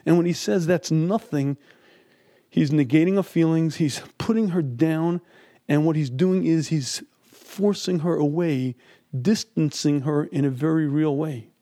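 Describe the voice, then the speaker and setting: A man's voice: fairly high pitch, measured pace, mellow, no room sound, studio quality. Emphatic middle-aged man teaching Talmud. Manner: emphatic, acts out quoted speech. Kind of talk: lecture on Talmud and marriage.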